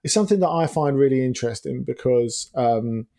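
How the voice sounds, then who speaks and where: Gravelly, mellow-toned man musing aloud. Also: medium pitch, animated, a little fast. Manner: rambling, hesitant, with many fillers and restarts. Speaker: football journalist, podcast co-host. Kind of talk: casual podcast chat.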